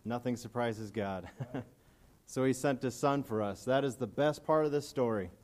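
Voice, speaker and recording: A man's voice: mid-range voice, normal speed, a little mellow. A man preaching a casual, earnest and emotional sermon, reading scripture aloud and commenting between passages.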